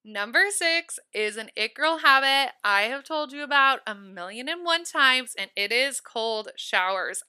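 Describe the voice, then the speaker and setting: A woman's voice: sits high, lively intonation, a little slow, few pauses, pushed and bright, smooth. A young woman in her twenties hosting a solo podcast, chatty and upbeat, full of "like" fillers. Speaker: podcast host. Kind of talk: casual solo podcast talk.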